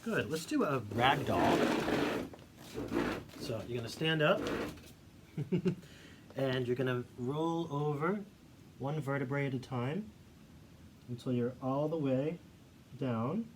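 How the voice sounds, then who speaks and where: A male voice teacher calmly guiding a singing warmup, giving encouraging instructions. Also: medium pitch, a little slow, long pauses. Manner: demonstrates hums and vocal sounds. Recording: faint background noise.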